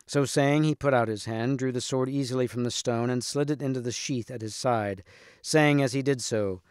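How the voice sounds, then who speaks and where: Man narrating a storybook, steady and expressive, mid-pitched, dry close mic. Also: clean tone, no echo. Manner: measured, expressive. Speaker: reader. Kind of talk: storybook read-aloud.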